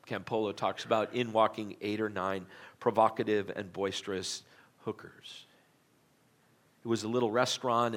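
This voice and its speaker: A male pastor preaching a sermon, telling a story dramatically in a church auditorium. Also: fairly low pitch. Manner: dramatic storytelling, gets loud at the tense parts.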